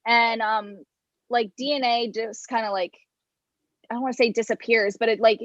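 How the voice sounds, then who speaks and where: A woman from Pennsylvania chatting casually on a podcast, relaxed and full of fillers. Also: fairly high pitch, normal speed, dry recording. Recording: dull lo-fi sound.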